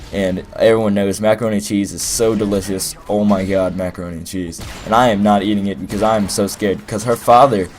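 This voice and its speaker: A man's voice: on the low side, a little mellow, a little hiss or hum. A young man telling a rambling, playful story as casual gameplay commentary, full of fillers. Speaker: gaming commentator.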